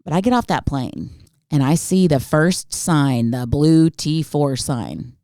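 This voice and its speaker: Exasperated woman ranting, low and lively. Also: slow, dry recording, studio quality. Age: adult, not Gen Z. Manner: exasperated, animated ranting with rhetorical questions. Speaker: podcast host. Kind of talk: comedic storytelling monologue.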